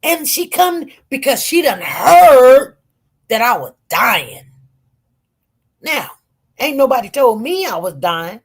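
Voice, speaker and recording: A woman with a Detroit accent telling her own story to viewers in an animated, emphatic way, often repeating her words. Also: sits high, slow pace, long pauses, breathy edge. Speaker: live-stream commentator.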